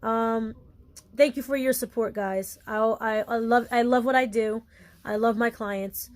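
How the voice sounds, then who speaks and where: A woman who runs a small business talks casually to her followers, animated and emphatic, laughing often and using playful slang. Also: on the high side, a little slow.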